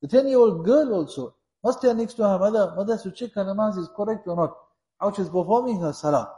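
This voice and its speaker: A man's voice: high-pitched, expressive, fast talker, warm tone. A man preaching a sermon, speaking earnestly and repeating his points to press them home. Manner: earnest, repetitive, exhorting. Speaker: Islamic preacher. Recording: echoey room.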